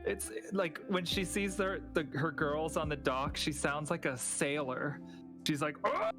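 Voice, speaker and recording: An older woman, a podcast guest, telling stories in a wry, animated way during casual chat. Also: low-pitched, measured pace, over music.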